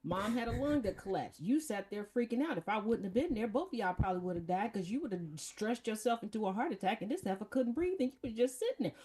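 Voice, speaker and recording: A woman with a husky, slightly breathy voice tells family stories in a casual chat. She sits a little above the usual pitch and swings widely up and down. She is blunt, profane and mocking. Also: lively intonation, quick pace, few pauses, mellow. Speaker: podcast host.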